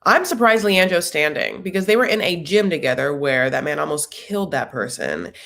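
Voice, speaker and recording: A woman's voice: low-pitched, animated, moderate pace, creaky, a bit bright. A woman hosting a casual live reaction chat, chatty and sassy, tossing out jokes and asides as she recaps. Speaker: recap show host.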